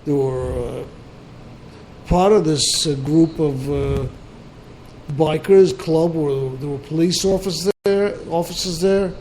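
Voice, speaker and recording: A man's voice: fairly high pitch, slow, a little mellow, a little hiss or hum, low-quality recording. A man hosting a casual call-in talk show, rambling with many fillers and restarts. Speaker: radio show host.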